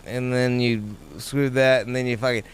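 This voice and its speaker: A man's voice: mid-range voice, fairly even intonation, moderate pace, clear, resonant tone. A man hosting a live talk show, rambling and profane in casual chat. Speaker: radio show host.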